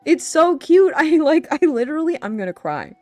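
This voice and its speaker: A woman streaming live in casual chat, giggly and excitable, laughing often as she talks to her viewers. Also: sits high, normal speed, soft background music.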